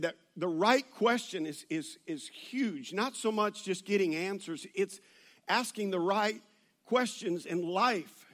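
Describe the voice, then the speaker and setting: Pastor guy telling a story in his sermon, bright tense voice, lots of restarts. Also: high voice. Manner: animated storytelling with laughs and restarts. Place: church.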